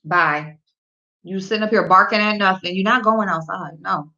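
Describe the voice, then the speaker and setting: A woman hosting a casual livestream, reading the chat aloud and talking back at it and at her dog with loud laughs. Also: medium pitch, moderate pace. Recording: dull lo-fi sound.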